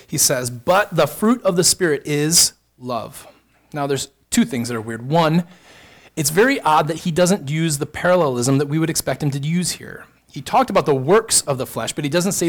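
A married man preaching a sermon, emphatic and building to fervent repeated phrases. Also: fairly high pitch. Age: adult, married. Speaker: pastor.

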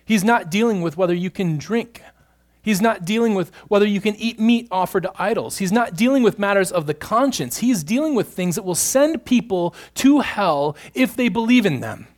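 Pastor, male, fairly high voice; preaches in swings from quiet and drawn-out to forceful and loud. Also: lively intonation. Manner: swings between hushed, slow stretches and loud, emphatic bursts. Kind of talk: sermon.

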